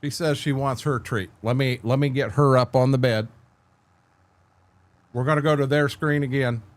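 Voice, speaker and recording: A man's voice: mid-range voice, fairly even intonation, moderate pace. Rambling middle-aged man streaming. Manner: rambling, candid storytelling, frequent restarts, answers chat by name. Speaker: livestream host. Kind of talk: casual livestream chat. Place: at home with his dogs.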